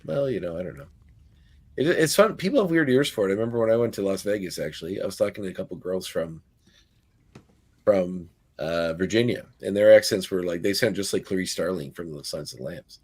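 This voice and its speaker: This Nova Scotian podcast host from Canada speaks in a low, slightly mellow voice with a breathy edge, lively intonation and a fairly quick pace. He wanders through casual conversation, restarting often and leaning on fillers.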